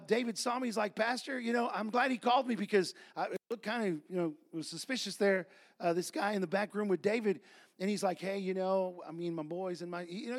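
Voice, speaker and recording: A male pastor preaching a sermon, reading scripture and telling stories, building to loud shouts. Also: extremely high pitch, gravelly.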